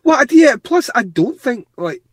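A man's voice: very high-pitched, sing-song, normal speed, no echo, studio quality. A man co-hosting a podcast, chatting about movies in a blunt, sweary, teasing way. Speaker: podcast co-host. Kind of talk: casual chat about movies.

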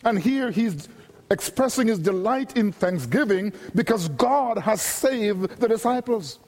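A man with a high voice preaches a sermon, measured and emphatic, stacking repeated phrases as he builds each point. His voice rings out with a long reverb, as if in a church hall. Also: animated, darkish tone.

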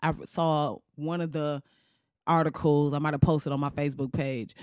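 A man's voice: on the high side, little pitch movement, moderate pace, darkish tone, smooth, dry recording, clean studio sound. Slangy man ranting casually. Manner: slangy, profane, laughing asides. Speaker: vlogger. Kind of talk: casual comedic rant.

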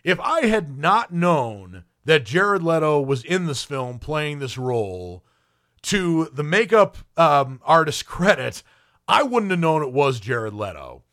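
A man's voice: fairly high pitch, big pitch swings, slow, fairly bright tone. A man giving an opinionated spoken film review as a critic, with frequent ums and restarts.

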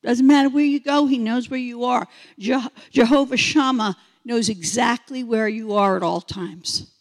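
A woman in her sixties preaching a sermon, animated, imitating beeping sounds and repeating phrases for emphasis. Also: a little high, moderate pace, big-room sound. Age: 60s.

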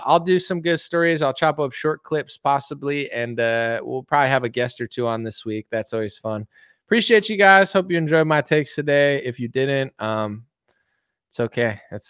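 Man, podcast host, casual rambling talk, smooth clear voice, dry close sound. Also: medium pitch, a bit bright, dry recording. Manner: loose, rambling, joking, many fillers. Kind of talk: casual opinion chat.

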